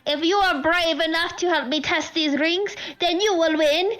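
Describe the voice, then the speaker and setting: A man's voice: very high voice, moderate pace, bright, forceful tone, voice pushed up. A woman voicing a male goblin fire performer who announces everything like a grand stage host. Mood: showman bluster. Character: showy male goblin fire-juggling showman.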